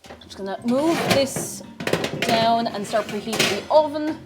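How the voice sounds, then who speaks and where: The recording is very noisy, capturing an Irish woman with a fairly high voice speaking a little slowly. She cooks in her home kitchen while chatting in a bubbly, talkative way with her stream audience, reading out viewer names.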